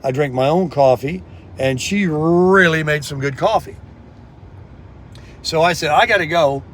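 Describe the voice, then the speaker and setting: A man's voice: fairly high pitch, unhurried, fairly bright tone, slight background noise. A man chatting rambly to viewers, calling them folks, recorded outdoors on a phone. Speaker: vlogger. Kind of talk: casual vlog chat. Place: outdoors in a sunny town.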